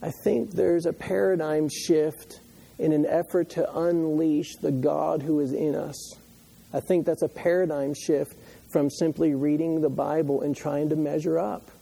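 A male pastor giving a sermon, moving from calm teaching to loud, impassioned preaching. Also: on the high side, unhurried, creaky, husky, rough recording.

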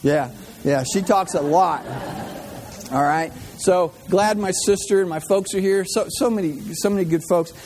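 Chatty high-voiced preacher. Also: male voice, unhurried, darkish tone, a little hiss or hum. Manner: chatty, repeats words, jokey asides. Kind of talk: humorous sermon.

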